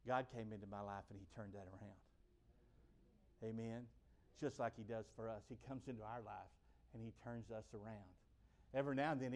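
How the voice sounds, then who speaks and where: A man preaches a sermon conversationally, building to loud, emphatic peaks before dropping low and slow.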